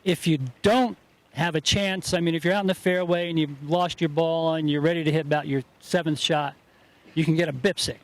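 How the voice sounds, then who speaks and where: A man's voice: a little high, fairly even intonation, a little fast. A man with a New Jersey accent, a golf tournament organizer being interviewed outdoors, explaining rules in easygoing casual chat.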